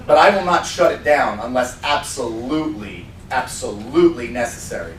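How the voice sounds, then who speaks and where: A man training salespeople at a seminar, talking in a lively way and acting out demo scenes. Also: medium pitch, normal speed. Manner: lively, acts out scenes in put-on voices. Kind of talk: animated seminar teaching. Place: seminar room. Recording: roomy sound from a distant mic with faint noise.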